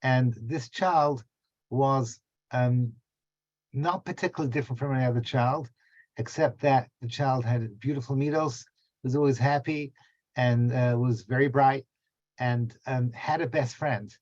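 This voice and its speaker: Chatty middle-aged rabbi teaching a class. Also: male voice, medium pitch, measured pace, darkish tone, dry recording, muffled recording. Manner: chatty and digressive, many fillers and asides. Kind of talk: informal class storytelling. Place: small back room at home.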